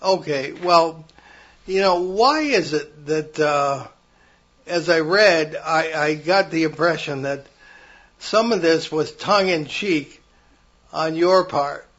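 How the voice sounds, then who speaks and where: Probing male host with a higher voice. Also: fairly bright tone, muffled recording. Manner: measured, probing questioner with hesitant fillers. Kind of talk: interview conversation.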